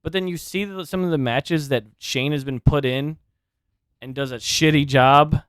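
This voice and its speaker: A man's voice: fairly high pitch, steady tone, normal speed, a bit bright, clean tone, no room sound, studio quality. A man co-hosting a podcast in casual chat, rambling and swearing freely as he rants. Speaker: podcast co-host.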